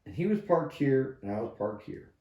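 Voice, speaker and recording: Fifty-something vet guy cussing his way through old army stories, mid pitch, kinda echoey room. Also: sing-song, moderate pace, lo-fi sound. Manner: profane, rambling, acts out quotes loudly. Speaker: army veteran telling war stories. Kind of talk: casual storytelling chat. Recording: roomy echo.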